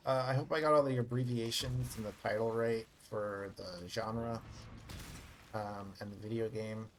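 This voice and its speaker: A man's voice: medium pitch, slight background noise. Rambling man streaming a game. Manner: rambling, filler-heavy and self-mocking. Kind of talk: casual live-stream chat.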